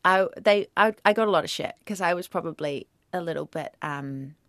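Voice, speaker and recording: A young woman with a New Zealand accent, an actor chatting as a guest in an interview, telling animated stories and acting out the quoted exchanges. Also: fairly low pitch, brisk, no echo, clean studio sound. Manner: animated storyteller who acts out quoted exchanges. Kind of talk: casual interview chat.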